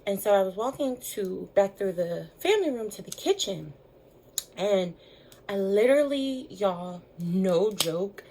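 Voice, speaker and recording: A woman's voice: animated, measured pace, darkish tone, rough recording. Chatty young woman telling a story. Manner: chatty, lots of fillers, acts out quotes in higher voices. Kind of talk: casual storytime chat.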